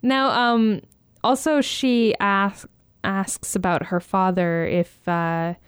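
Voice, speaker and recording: Smooth-voiced chatty woman with a dry sound. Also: mid-range voice, steady tone, slow, no echo. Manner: chatty, hesitant, lots of fillers. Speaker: podcast co-host. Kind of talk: casual TV recap chat.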